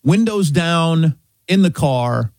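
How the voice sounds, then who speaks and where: A middle-aged man from Kansas, hosting a casual talk show, telling a story with animated energy and acting out his own exchanges. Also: a little high, slow pace, no echo. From Kansas, USA. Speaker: show host.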